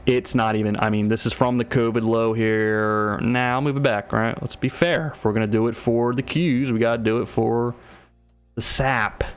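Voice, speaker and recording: A man's voice: medium pitch, fairly even intonation, normal speed, smooth, soft background music. Casual, slangy man on a market livestream. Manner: casual and slangy, often asks "right?". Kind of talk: live market commentary.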